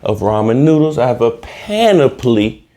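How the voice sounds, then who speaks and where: Warm and mid-range, the podcast host's voice swings widely in pitch while he talks at normal speed. He delivers a casual comedy monologue full of slang and deliberate repetition played for laughs.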